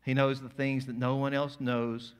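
A male pastor preaching a sermon, moving between quiet, intimate lines and loud, emphatic passages. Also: medium pitch, little pitch movement, normal speed, smooth.

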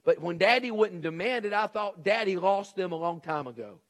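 A middle-aged male pastor preaching a sermon, swinging between shouted emphasis and hushed intensity. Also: sits high, lively intonation, moderate pace.

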